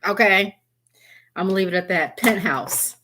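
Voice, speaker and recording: A woman doing a live tarot reading who chats easily with her viewers. Her voice sits at a middle pitch, and she talks in a loose, giggly way. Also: moderate pace, noisy background. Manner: giggly, keeps breaking into laughter and apologizing; chatty, addresses viewers by name. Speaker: tarot reader.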